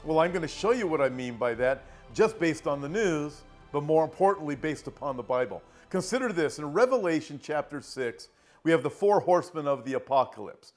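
A middle-aged man preaching an earnest prophecy sermon, slowing down and rising in pitch as he reads scripture aloud. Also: animated, a little mellow, soft background music. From Southern California. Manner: earnest, emphatic, slows down and rises when reading scripture.

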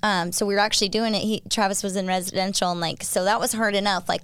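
A young woman with a smooth, clean voice, recorded close and dry. She tells her story animatedly and acts out what others said. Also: mid-range voice, steady tone, quick pace, no room sound. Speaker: guest sharing recovery story. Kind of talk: casual conversation.

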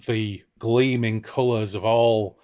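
A man's voice: on the low side, steady tone, slow, darkish tone. A man co-hosting a podcast, chatting casually and with amusement about a novel, with frequent restarts. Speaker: podcast co-host. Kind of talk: casual book discussion.

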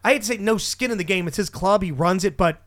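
A man hosting a podcast, telling a profane, animated story in casual chat and laughing mid-story. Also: sits high, quick pace. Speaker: podcast host and stand-up comedian.

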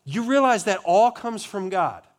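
A male pastor delivers a sermon with great animation but no hurry, posing rhetorical questions to the congregation. He builds emphasis, rising on key words, then drops to a low, quiet voice for solemn lines.

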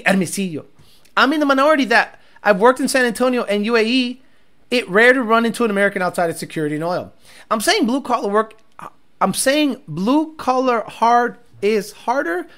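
Stream host, male, blunt and profane, lively swooping pitch, reads chat and riffs on trucks and V8s. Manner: animated, blunt and profane, gets excited over engines. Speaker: automotive channel host. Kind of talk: casual livestream chat, reading viewer comments.

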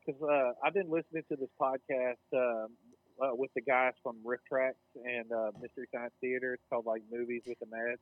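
A man's voice: mid-range voice, fairly quick, dry recording, narrow, tinny audio. A man co-hosting a casual podcast chat, swearing freely and getting worked up as he talks. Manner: excitable, profane, gets worked up. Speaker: podcast co-host.

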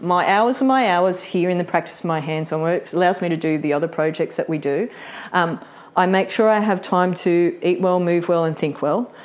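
A chatty, middle-aged woman teaches a live workshop in a fairly low voice. She laughs easily and slips into acted-out quotes as she explains. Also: moderate pace. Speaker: workshop presenter.

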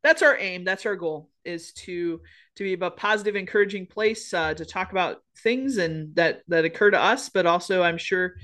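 A woman's voice: fairly low pitch, moderate pace, a bit bright. A woman co-hosting a casual faith podcast, earnest and encouraging, rambling a little with restarts. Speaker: podcast co-host.

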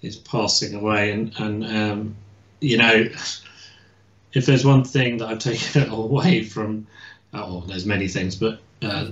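A man's voice: fairly low pitch, steady tone, a little slow, fairly bright tone. A man speaking as a guest historian over a video call, explaining in a hesitant way with many restarts. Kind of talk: casual expert explanation. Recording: echoey and dull lo-fi.

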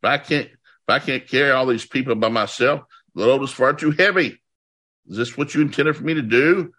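A man's voice: medium pitch, fairly quick, pushed and bright. A man voicing an exasperated, weary leader. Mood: pleading. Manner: pleading, exasperated. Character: weary, exasperated man at the end of his rope.

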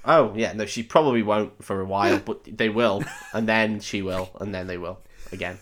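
A man's voice: lowish voice, moderate pace, a bit bright. A man hosting a podcast, casually recapping a film with swearing, jokes and mocking voices for the characters. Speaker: podcast host.

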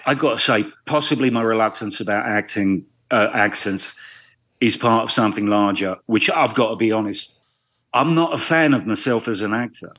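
A man's voice: on the low side, moderate pace, a bit bright, slightly rough. A middle-aged English man, a guest actor, chatting casually on a podcast in a wry, self-deprecating way.

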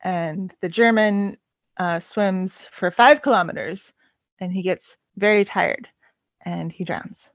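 A woman's voice: on the low side, slow pace, no echo. A woman chatting casually as a podcast guest, hesitant and full of filler sounds. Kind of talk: casual chat. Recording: dull lo-fi dry sound.

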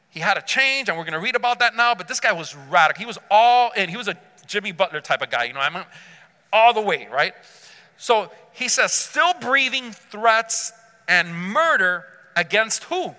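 A man's voice: high voice, bright, forceful tone, long reverb tail. A man preaching a sermon, telling a story with emphasis and acting out the quotes himself. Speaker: pastor.

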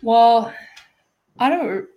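A young woman co-hosting a podcast, chatty and giggly, telling quick anecdotes. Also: a little high, lively intonation, highs cut off. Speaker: podcast co-host. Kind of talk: casual chat.

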